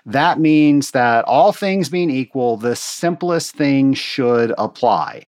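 A man talks through a technical problem in a relaxed, folksy teaching manner, explaining each step plainly and calling his listeners folks. His voice sits at an ordinary middle pitch for a man. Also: slow. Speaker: water treatment instructor answering a listener question. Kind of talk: casual instructional talk. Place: Atlanta.

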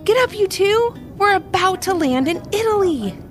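A goofy, excitable storybook dad, as a woman narrator puts him on. He hams it up loudly with a bouncy, lifted voice. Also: sits high, moderate pace, faint music behind, pitched above the performer's own voice, heavily acted. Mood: hammy. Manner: loud, hammy, playful.

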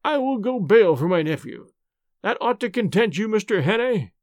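A man's voice: high voice, big pitch swings, normal speed, dry recording, studio quality. A man voicing a ruthless old spy chief. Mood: smooth. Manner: smooth, turning fierce and exultant.

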